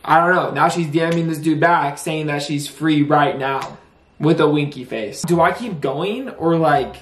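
A man's voice: on the high side, a little slow, roomy sound. A young man in his twenties filming a casual prank vlog, frantic and exasperated, saying bro and dude a lot. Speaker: vlogger.

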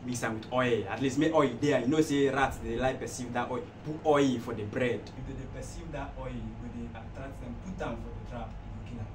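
A man's voice: medium pitch, fairly even intonation, fairly quick, hardly any pauses, close to an everyday voice. A man with a Nigerian accent playing a friend who gives advice and keeps repeating himself. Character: patient friend giving advice. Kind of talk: comedy skit acting. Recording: echoey room, far-off mic, loud background noise.

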